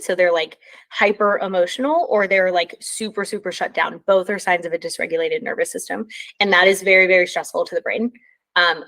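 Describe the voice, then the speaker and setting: A woman talking at an everyday middle pitch in a loose, conversational way. She leans on many ums and likes and yawns now and then as she explains. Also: fairly bright tone. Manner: yawning. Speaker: presenter. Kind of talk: casual talk.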